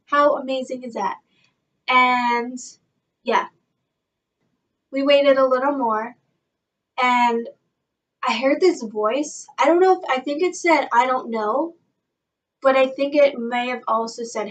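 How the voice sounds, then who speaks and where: A young woman telling an excited fan story in a vlog, gushing and breathless, full of "like" and "guys". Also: fairly high pitch. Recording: voice a bit far from the mic, faint background noise.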